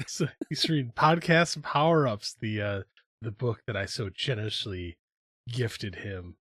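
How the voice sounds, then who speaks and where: A man's voice: lowish voice, unhurried, fairly bright tone, no room sound. Playful male podcast co-host. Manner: playful, ribbing. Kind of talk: casual podcast chat.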